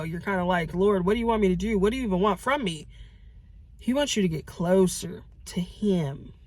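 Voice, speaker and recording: A young woman giving casual, lively Bible teaching to women, calling them baby and girls and acting out the voices in the story. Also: mid-range voice. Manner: animated, acts out quoted voices, calls listeners baby and girls. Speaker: Christian teacher.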